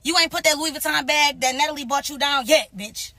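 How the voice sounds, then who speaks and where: A woman's voice: high-pitched, brisk, pushed and bright, no room sound. A woman in mocking someone with a string of profane insults. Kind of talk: heated clapback rant.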